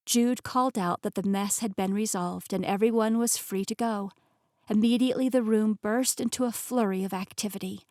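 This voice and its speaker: Expressive woman narrating a novel. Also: medium pitch, no echo, clean studio sound. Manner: expressive, emotionally engaged storytelling. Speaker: audiobook narrator. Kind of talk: first-person fiction narration.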